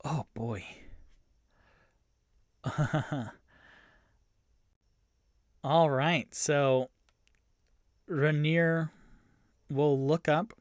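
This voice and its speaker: Slow-talking man running a solo tabletop game. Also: on the high side, fairly even intonation, smooth, no echo, clean studio sound. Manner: rambling with many fillers, bursts of groaning dread. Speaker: game master and sole player. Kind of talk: solo tabletop actual-play narration.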